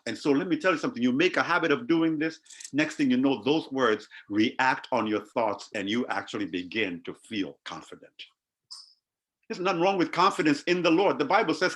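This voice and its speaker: A man preaching a sermon to his congregation, animated and calling out to them, often repeating his words. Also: on the high side, normal speed. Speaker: pastor.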